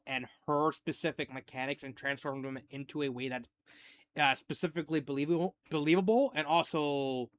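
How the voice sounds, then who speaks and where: Rambling man with a smooth, high-ish voice. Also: dry recording. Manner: rambling, heavy use of "like"; animated when retelling scenes. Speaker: fanfiction reviewer. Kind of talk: casual spoken review.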